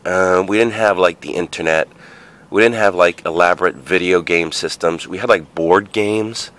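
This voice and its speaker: This forty-something vlogger tells a casual story from his childhood, rambling and cursing, with lots of fillers and asides. His voice sits low and is a bit bright, moving at a normal speed.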